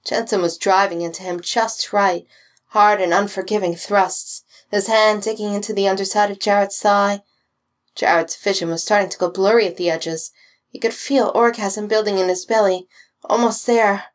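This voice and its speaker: A woman's voice: medium pitch, fairly even intonation, moderate pace. Woman reading a story aloud. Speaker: reader. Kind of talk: reading fan fiction aloud.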